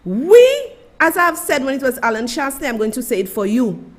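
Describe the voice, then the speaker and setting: A woman's voice: high-pitched, big pitch swings, moderate pace. A woman from Saint Lucia with a Saint Lucian accent, hosting a live-stream commentary and speaking emphatically, addressing her listeners and officials directly. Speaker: livestream host.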